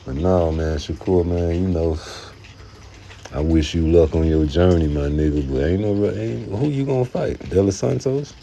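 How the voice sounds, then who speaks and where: Brief: low, mellow-voiced man, loose profane rant, faint hiss behind. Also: normal speed, creaky. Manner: profane, rambling, slips into mocking put-on voices. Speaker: boxing commentator. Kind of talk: casual rant to camera.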